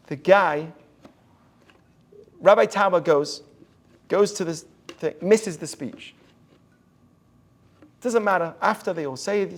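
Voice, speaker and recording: A man, a rabbi, giving an inspirational talk to an audience and telling stories in an earnest way. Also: high-pitched. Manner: earnest storytelling, drops to a hush for quoted lines.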